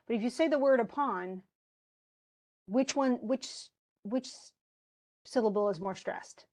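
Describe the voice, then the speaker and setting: A college English instructor, a woman, lectures an online class through a computer mic. Her voice is a little high and darkish in tone, and she speaks unhurriedly and conversationally, often restarting and checking in with her students.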